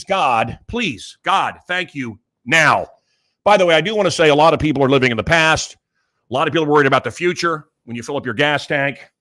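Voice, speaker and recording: Hosting his own show, this man rambles through a casual monologue that jumps from subject to subject, full of fillers. His voice is mid-range, pushed and bright.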